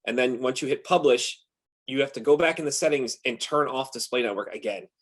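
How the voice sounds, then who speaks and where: A man, an agency owner, telling animated stories in a casual roundtable chat over a video call. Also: mid-range voice. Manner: animated storyteller, talks fast.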